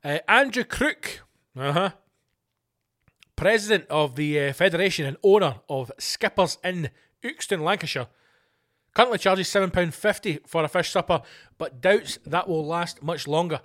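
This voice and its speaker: A man's voice: on the high side, lively intonation, moderate pace, fairly bright tone. A Scottish man hosting a podcast, reading news items aloud and ranting about them in a sweary, exasperated way. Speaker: podcast host.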